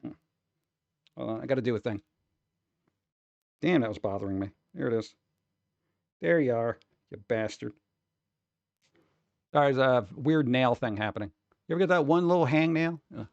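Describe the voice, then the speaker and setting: A man's voice: mid-range voice, animated, moderate pace, vocal fry, long pauses, dry recording, muffled recording. A man hosting a livestream in casual chat, rambling, swearing casually and reading news aloud. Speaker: streamer host.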